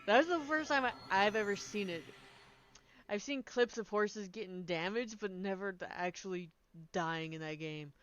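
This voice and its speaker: A woman streaming a video game, chatting casually and excitably, laughing often and trailing off mid-sentence, with a sniffly nose. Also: mid-range voice, moderate pace, slight background noise. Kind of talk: casual gameplay stream chat. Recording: slightly dull lo-fi sound with faint game music.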